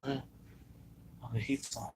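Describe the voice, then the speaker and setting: A man's voice: a little slow, noisy background. A man telling a personal story in a rambling, profane way, full of fillers and restarts. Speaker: vlogger telling his life story.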